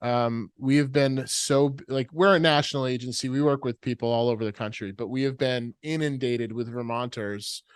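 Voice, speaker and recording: A man from the United States hosting a casual podcast interview, easygoing and joking, with quick comic voices. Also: medium pitch, fairly even intonation, clear, resonant tone, no room sound, clean studio sound. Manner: easygoing, jokey, does quick funny voices. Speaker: podcast host.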